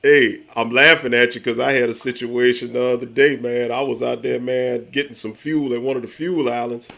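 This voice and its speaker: Talk show co-host guy, bright sharp voice, animated, stumbles over words. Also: mid-range voice, normal speed, vocal fry. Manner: animated storyteller, stammers on restarts. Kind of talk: casual call-in show chat.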